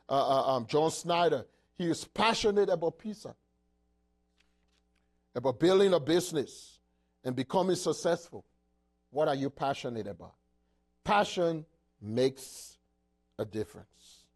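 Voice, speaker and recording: A man preaching a sermon in an emphatic, halting way, with many repeated words and restarts. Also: mid-range voice, a little mellow.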